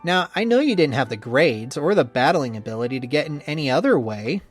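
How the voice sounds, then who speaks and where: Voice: mid-range voice, sing-song, a little fast, soft background music, natural voice. A reader doing a sneering, bitter young rival man. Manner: sneering, swears often. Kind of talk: visual novel voice acting.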